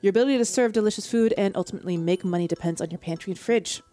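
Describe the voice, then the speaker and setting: A woman's voice: medium pitch, very fast, mellow, faint music behind, close to an everyday voice. A woman voicing a pompous male chef lecturing fellow restaurateurs. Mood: grandiose.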